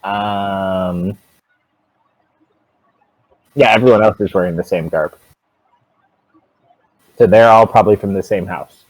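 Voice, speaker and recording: A man's voice: lowish voice, takes it slowly, pauses often, poor audio. A young man running a tabletop game as dungeon master, joking with his players.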